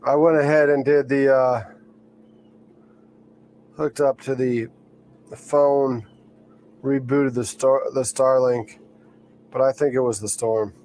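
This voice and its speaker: A man's voice: medium pitch, slow, pauses often, slight background noise. A man hosting a live stream from a boat, chatting loosely with viewers and rambling a little, sleepy and yawning. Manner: rambling, relaxed, reads out chat names. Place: on a boat during a storm.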